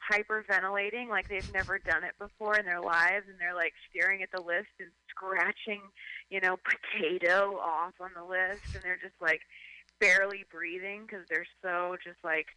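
A man chatting casually on the radio, rambling in an animated way, full of "like" and restarts. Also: high voice, moderate pace, clear, resonant tone, no room sound, poor audio. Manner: animated, rambling, heavy use of "like". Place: at home in San Francisco.

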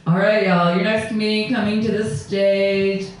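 A man's voice: high voice, level tone, moderate pace, music in the background. A man hosting a comedy night, introducing the acts, teasing the comics and laughing as he talks. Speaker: comedy show host. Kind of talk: emceeing between acts. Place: small comedy venue. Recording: roomy live recording from far off with chatter.

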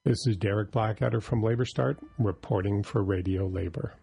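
A man reading a scripted labor news report in a steady delivery. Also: on the low side, normal speed, creaky, husky, no echo.

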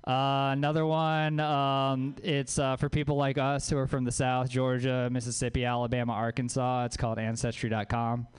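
A man's voice: medium pitch, flat delivery, normal speed, hardly any pauses, clear, resonant tone. A man from Louisiana doing a stand-up comedy set on a club stage, dry and self-mocking, with crude asides.

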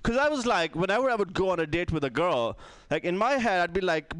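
A man's voice: high voice, animated, brisk, fairly bright tone, no echo. A man from India doing a rambling, self-mocking stand-up set, full of "like". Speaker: stand-up comedian.

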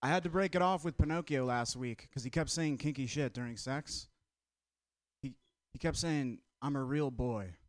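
A man doing stand-up, delivering clipped deadpan one-liners. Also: a little high, moderate pace, no room sound, clean studio sound. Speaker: stand-up comedian.

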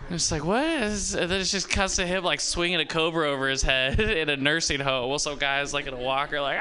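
Guy doing stand-up, pitched a bit high, bright edgy tone, keeps cutting himself off. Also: a little fast. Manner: rambling, self-interrupting, laughing at own jokes. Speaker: stand-up comedian. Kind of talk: stand-up comedy set. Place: comedy open mic with live audience.

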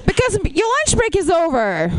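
Russian-accented woman doing stand-up. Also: background noise. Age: 30s. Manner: deadpan punchlines, drops into a low gruff voice for jokes. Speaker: stand-up comedian. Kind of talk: stand-up comedy set.

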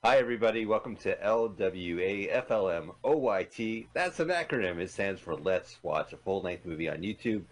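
A man's voice: fairly low pitch, animated, normal speed, hardly any pauses, faint music behind. A man co-hosting a casual internet radio podcast, chatty and rambling, sometimes searching for words. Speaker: podcast co-host. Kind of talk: casual chat.

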